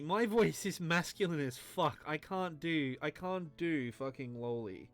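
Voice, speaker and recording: A man's voice: a little high, lively intonation, unhurried, hardly any pauses, faint music behind. A tipsy man streaming a game, rambling, self-mocking and crude as he talks to his chat. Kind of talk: drunken game commentary.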